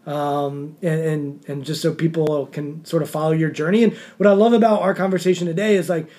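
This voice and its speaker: Male podcast host, fairly high voice, relaxed and chatty, lots of fillers. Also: a little fast. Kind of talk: casual interview.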